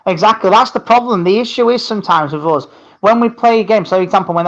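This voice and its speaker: A man's voice: high-pitched, fast, creaky, dull audio. A man chatting casually on a football fan show, rambling and restarting his sentences. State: tired.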